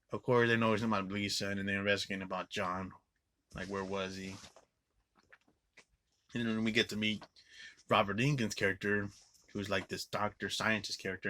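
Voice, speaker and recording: A man giving a casual, rambling movie review, swearing a lot and filling every pause with filler words. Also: fairly low pitch, sharp tone, a little hiss or hum. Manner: rambling, profane, filler-heavy with frequent "like".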